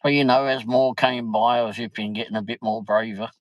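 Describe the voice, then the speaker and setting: A man's voice: mid-range voice, steady tone, normal speed, no echo, highs cut off. A man chatting casually on a livestream, rambling through a funny anecdote with lots of laughter. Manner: rambling, laughs often, peppers speech with "flipping". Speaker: livestream host.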